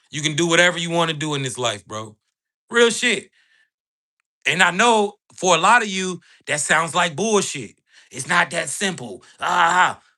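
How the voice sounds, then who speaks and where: A man's voice: a little high, bright, forceful tone. A man hosting a motivational livestream, talking bluntly in street slang with lots of profanity and checking in with "right?" over and over. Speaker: livestream host.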